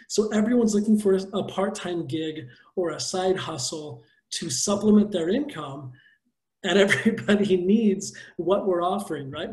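A company executive man on a video call, giving an upbeat, joking sales pitch. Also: darkish tone, reverberant.

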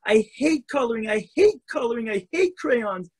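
Man doing a little girl in a story, high and a bit husky. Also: lively intonation, moderate pace, a little mellow. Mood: upset. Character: young schoolgirl who loves to color, sensitive.

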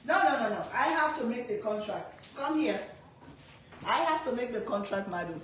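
A woman and mother chatting casually to camera, lecturing her kids in a half-joking, animated way with lots of repetition. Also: on the high side, moderate pace. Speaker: cooking vlogger and mother. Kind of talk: casual family chat to camera. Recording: echoey room, faint background noise.

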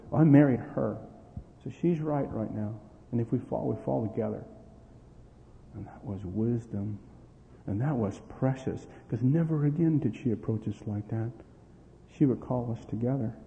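Middle-aged preacher, tinny echoing hall recording. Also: male voice, mid-range voice. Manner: animated storyteller, acting out quoted dialogue, laughing. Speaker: pastor. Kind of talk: sermon with family stories. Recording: tinny lo-fi with long hall reverb.

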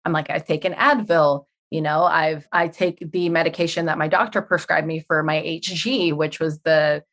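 A woman in her thirties tells her own story as a podcast guest. She acts out each exchange with plenty of feeling and swears freely, and her voice sits a little low. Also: moderate pace. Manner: animated, acts out quoted dialogue, swears. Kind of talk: emotional personal storytelling.

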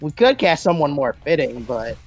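Animated man with a lively voice. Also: fairly high pitch, normal speed, soft background music. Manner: animated, breaks into sung bits. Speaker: podcast co-host. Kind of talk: casual group chat.

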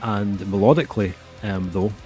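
Low-voiced man rambling through an album review. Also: normal speed, dark tone, faint music behind. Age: middle-aged. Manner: rambling, heavy on fillers like "um" and "kinda". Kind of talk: casual review chat.

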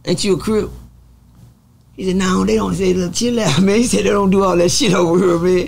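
A man from Fort Worth, telling stories as an interview guest, animated and swearing freely as he acts out the voices of others. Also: high voice, brisk, vocal fry, slight background noise. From Fort Worth, Texas. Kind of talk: storytelling in a casual interview.

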